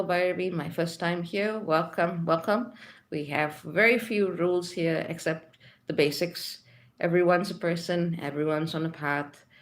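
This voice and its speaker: Woman, spiritual livestream host, casual chat, gravelly fry, lowish voice. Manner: chatty, reads comments aloud with many fillers. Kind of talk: casual live chat reading viewer comments.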